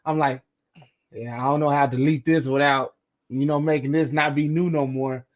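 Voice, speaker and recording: A man co-hosting a podcast, telling a childhood story in casual chat, animated and acting out the voices in it. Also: a little high, moderate pace, dull audio. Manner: animated, acts out quoted voices, repeats words. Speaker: podcast co-host.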